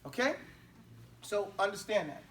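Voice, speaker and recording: A man's voice: high voice, very animated, a little slow, fairly bright tone, distant mic. A man teaching an Arabic class in a casual, chatty way. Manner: casual, mixes English and Arabic drills.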